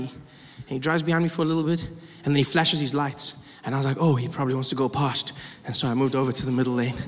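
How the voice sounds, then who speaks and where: Animated stand-up comedian man, high voice. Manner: animated, acts out characters with shifting voices. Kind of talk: stand-up routine. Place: large theater stage with audience. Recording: live hall recording with reverb and audience noise.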